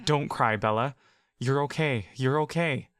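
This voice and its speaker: A man's voice: medium pitch, measured pace, fairly bright tone, clean tone, no echo, studio quality, natural voice. A man voicing a desperate winged adventurer who speaks urgently and pleads in an audio story.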